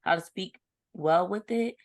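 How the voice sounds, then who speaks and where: A woman co-hosts a podcast in a relaxed, chatty way, her voice on the lower side for a woman. She laughs easily and sometimes gropes for a word mid-sentence. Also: measured pace. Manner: chatty, laughs often, searches for words. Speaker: podcast co-host. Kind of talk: casual podcast conversation.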